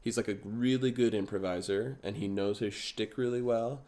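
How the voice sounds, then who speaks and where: Chatty man with a low voice. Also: steady tone, moderate pace, dark tone. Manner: chatty, jokey, thinks aloud. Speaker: comedy performer being interviewed. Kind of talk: casual interview chat.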